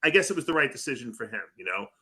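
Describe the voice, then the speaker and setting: A man's voice: mid-range voice, big pitch swings, rapid-fire, pushed and bright. A man co-hosting a talk show, giving his opinion in casual discussion. He speaks emphatically and repeats words as he starts a point. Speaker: co-host of a bodybuilding radio show.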